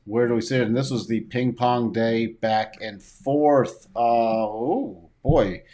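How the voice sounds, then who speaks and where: An easygoing man hosts a casual market chat show. He talks in a relaxed, joking way and keeps the tone light. His voice sits at an ordinary middle pitch. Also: slow pace.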